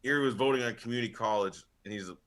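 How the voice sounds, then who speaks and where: A man's voice: medium pitch, fast, fairly bright tone. A man on a casual podcast panel, telling a long rambling story full of swearing and laughter. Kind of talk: casual chat.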